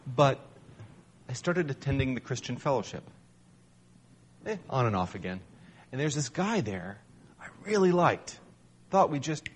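A man's voice: mid-range voice, slight background noise. A man giving a storytelling talk in front of an audience, sharing a personal testimony in a conversational, wry, self-deprecating way.

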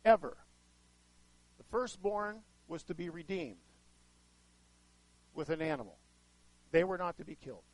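A man preaching a sermon to a live audience, chatting with them and asking questions, with sudden swings in loudness as he acts out voices. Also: fairly high pitch, animated, normal speed, long pauses, low-quality recording. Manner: conversational, asks the audience questions; dramatic shifts in loudness, acts out quoted voices.

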